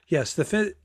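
A man's voice: no room sound, studio quality. A man co-hosting a comedy podcast, teasing his partner with crude jokes and stumbling restarts. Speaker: podcast co-host. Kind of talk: casual comedy banter.

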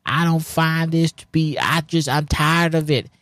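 A man's voice: fairly high pitch, steady tone, unhurried, fairly bright tone, no echo, pitched above the performer's own voice. A man voicing a fed-up, resentful man who complains in a raised voice. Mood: aggrieved.

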